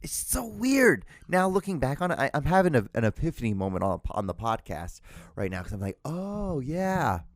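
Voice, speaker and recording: Man, solo podcast host, lowish voice, dry close mic, casual and profane, rambling. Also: quick pace, dry recording. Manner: casual, profane, self-mocking, lots of restarts.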